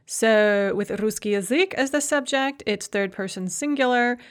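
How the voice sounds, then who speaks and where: A woman's voice: fairly high pitch, smooth. Patient woman teaching a grammar lesson. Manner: patient, methodical explaining with slow, careful example words. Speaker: language teacher.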